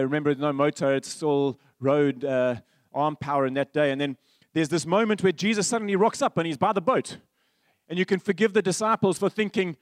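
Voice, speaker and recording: Pastor guy preaching, kinda high voice, dry close sound, goes big then real quiet. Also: no room sound. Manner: storytelling, swings from animated to hushed. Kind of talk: sermon.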